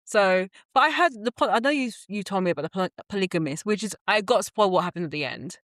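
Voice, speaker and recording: A woman co-hosting a podcast in casual chat, talkative and quick to laugh, often restarting her sentences. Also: medium pitch, expressive, a bit bright, no echo, studio quality. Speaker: podcast co-host.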